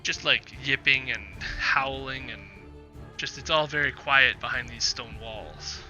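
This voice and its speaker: A man's voice: mid-range voice, unhurried, sharp tone, faint music behind. A man narrating as game master in a tabletop game, describing scenes with frequent fillers and restarts.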